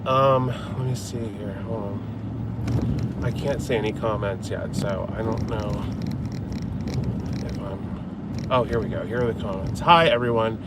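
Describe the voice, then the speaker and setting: A man's voice: on the low side, fairly even intonation, unhurried, long pauses. A man hosting a casual livestream from his car at night, rambling and flustered, hot and out of breath after running. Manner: rambling, flustered and chatty, greets viewers. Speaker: livestream host. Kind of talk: casual livestream chat while driving. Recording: distant mic with loud road noise. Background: car and traffic noise.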